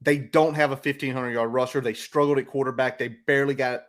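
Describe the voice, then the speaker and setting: A man's voice: mid-range voice, steady tone, fast. A man hosting a casual sports podcast, brash and emphatic with his opinions. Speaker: podcast host.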